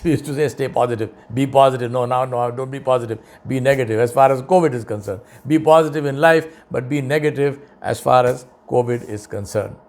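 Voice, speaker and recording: In an earnest, emphatic lecture-style advice talk, a middle-aged man repeats key points for stress and mocks quoted voices in a higher tone. His voice is darkish, a little fast, with hardly any pauses.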